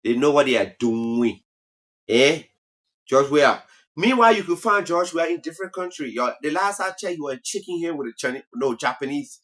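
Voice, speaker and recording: Bright, teasing man. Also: fairly high pitch, moderate pace. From Liberia. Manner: animated, teasing, laughs at own jokes. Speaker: comedy talk show host. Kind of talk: casual comic monologue.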